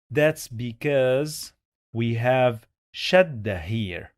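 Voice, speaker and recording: A man's voice: mid-range voice, sing-song, slow, no echo, studio quality. A man teaching Quran reading in a step-by-step lesson, patiently repeating each sound many times. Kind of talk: slow step-by-step language lesson.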